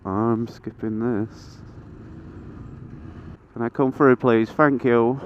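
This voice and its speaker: Speaking a little slowly with long pauses and a voice on the low side, a nineteen-year-old motovlogger chats to the camera while riding through town traffic. He swears a lot, mocks himself and lets out excited yelps. His helmet-mounted action camera picks up dull lo-fi sound buried in wind, traffic and engine noise.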